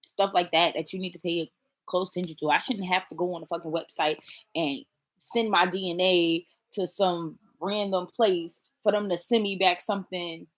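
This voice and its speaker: A woman chatting casually to her viewers, blunt and profane, talking straight to them. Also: on the low side. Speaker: vlogger. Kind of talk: casual chat to camera.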